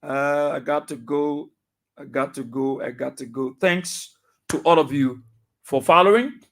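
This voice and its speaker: A man with a Liberian accent, a radio talk show host reading out listener names and greetings in a brisk roll call. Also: on the high side, fairly bright tone.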